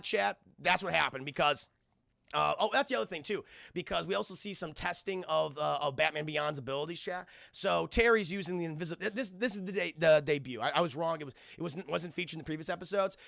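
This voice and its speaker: A man streaming a casual recap of a cartoon episode, excitable, swearing often and restarting his sentences as he talks to his chat. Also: a little high, brisk, creaky, no room sound, clean studio sound.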